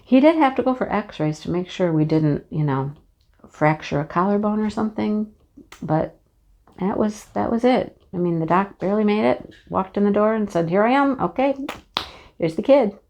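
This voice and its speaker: A woman's voice: mid-range voice, normal speed, a little mellow. A woman in her fifties telling a personal story in a chatty way, laughing often and using lots of fillers. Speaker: craft channel host.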